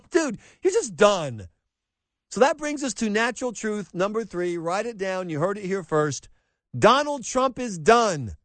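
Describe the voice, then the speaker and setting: A man hosts a talk radio show in a fairly high voice with a wide, swinging range. He is sarcastic and animated, riffing through an opinionated monologue. The sound is dry and close, like a studio microphone. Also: moderate pace, no echo. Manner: sarcastic, animated, mocks quotes in put-on voices.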